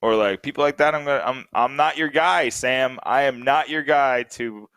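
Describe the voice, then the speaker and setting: A man's voice: mid-range voice, normal speed, fairly bright tone, clear, resonant tone, no room sound, studio quality. A man co-hosting a podcast, rambling and joking with plenty of fillers. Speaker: podcast co-host. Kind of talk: casual podcast chat.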